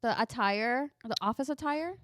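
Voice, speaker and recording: A woman's voice: fairly high pitch, moderate pace, a bit bright, dry recording, clean studio sound. A young woman co-hosting a podcast, telling stories in a rambling, laughing casual chat. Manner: laughs often, rambling storytelling. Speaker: podcast co-host.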